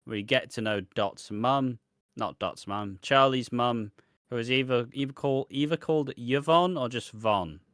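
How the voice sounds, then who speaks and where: Blunt, sweary man, smooth bright voice. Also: medium pitch, measured pace, dry recording, studio quality. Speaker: podcast co-host. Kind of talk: casual podcast chat.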